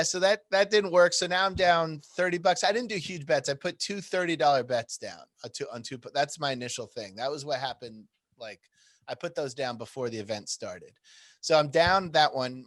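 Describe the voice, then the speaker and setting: A man's voice: mid-range voice, fairly bright tone, no room sound. Dry-voiced, swearing podcast guy. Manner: profane, rambling storyteller who laughs often. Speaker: podcast co-host. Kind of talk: casual chat.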